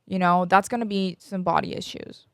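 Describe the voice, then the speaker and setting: A woman's voice: on the low side, fairly even intonation, normal speed, vocal fry, dry recording, studio quality. A woman in her twenties hosting a podcast, talking candidly and emotionally about her own life in a rambling way with many fillers. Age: 20s. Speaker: podcast host. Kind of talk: candid personal chat.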